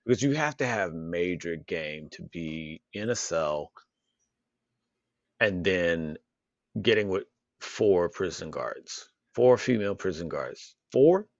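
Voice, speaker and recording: Deep-voiced man, dry and dull mic. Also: no room sound. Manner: halting, restarts often, stutters when surprised; cursing, relaxed. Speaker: podcast co-host. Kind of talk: unscripted casual chat.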